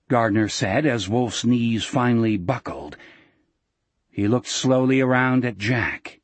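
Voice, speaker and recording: A man narrating an audiobook in a measured, dramatic storytelling manner. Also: medium pitch, no room sound.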